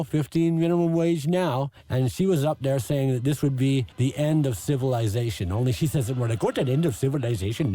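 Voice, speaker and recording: Abrasive ranting man, dark voice. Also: mid-range voice, no echo. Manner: abrasive, sneering, profane. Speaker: podcast segment host. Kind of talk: profane comedic rant.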